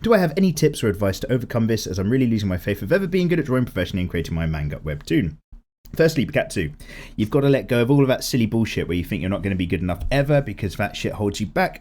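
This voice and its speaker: A man in his thirties hosting an art channel, chatting casually through viewer comments with a slightly strained, cracking voice and free swearing. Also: mid-range voice. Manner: chatty and lively, swears freely. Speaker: YouTube art channel host.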